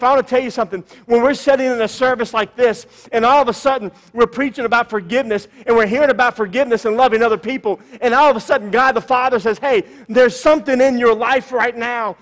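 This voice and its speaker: A pastor delivers a sermon in a high, slightly bright voice that echoes through the long reverb of a church sanctuary. He talks fast and steadily with hardly any pauses, repeating his points and drawing out key phrases.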